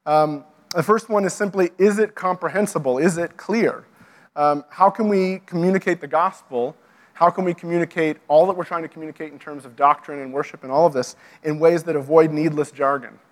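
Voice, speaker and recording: A man's voice: fairly high pitch, steady tone, a little fast. A man giving an earnest lecture to pastors and worship leaders, often restarting his phrases and using fillers.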